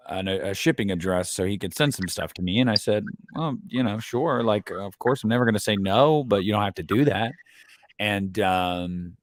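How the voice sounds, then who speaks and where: A man's voice: on the low side, no room sound. A man hosting a livestream in casual chat, rambling with many fillers and restarts. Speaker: livestream host.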